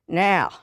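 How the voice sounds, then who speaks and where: A woman's voice: lowish voice, a bit bright, breathy edge, dry recording. A middle-aged woman hosting a TV cooking demonstration, chatty and folksy, joking as she works in a studio kitchen. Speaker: TV cooking show host.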